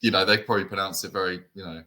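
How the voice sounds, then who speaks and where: Deep-voiced British man chatting casually. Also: steady tone, very fast, sharp tone, poor audio. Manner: chatty, lots of fillers and tag questions. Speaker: co-host. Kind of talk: casual enthusiast chat.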